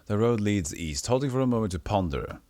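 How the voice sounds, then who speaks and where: A man's voice: lowish voice, fairly quick, dry recording. A man streaming a retro role-playing game, chatting casually and reading the game's text aloud, often stumbling and correcting himself. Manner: animated, reads with stumbles and self-corrections. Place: home streaming setup.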